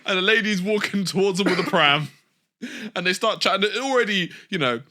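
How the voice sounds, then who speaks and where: A man's voice: high-pitched, a little fast, bright, forceful tone. A young man co-hosting a casual wrestling chat, laughing often and swearing freely. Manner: laughs often, swears, does mocking impressions. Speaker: podcast co-host.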